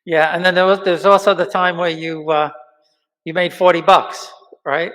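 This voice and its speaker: A man's voice: fairly high pitch, flat delivery, normal speed, fairly bright tone, long reverb tail, low-quality recording. A man interviewing a guest, prompting her to tell stories in a hesitant way.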